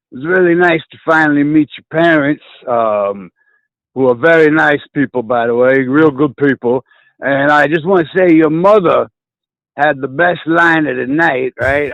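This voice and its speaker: A man's voice: on the high side, no room sound, dull audio. A man calling in to a talk show, chatting casually in a blunt, profane way. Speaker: caller. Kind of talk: casual phone-in chat.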